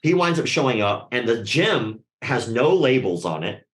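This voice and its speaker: A man speaking at a moderate pace in a mid-range voice, with reverberant sound, tells an animated, casual story. It's peppered with profanity, and he acts out the voices of those he quotes.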